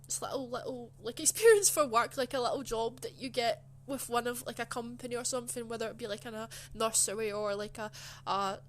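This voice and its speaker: A young woman telling a personal story in a casual, rambling way, soft and emotional, with lots of fillers. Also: on the high side, brisk, a little hiss or hum. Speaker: channel host.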